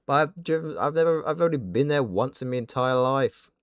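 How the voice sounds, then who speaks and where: Animated southern English streamer. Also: male voice, medium pitch, a little fast, no room sound, muffled recording. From southern England. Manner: chatty, mock-indignant banter. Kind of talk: casual gaming livestream chat. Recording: dry close mic with faint game music.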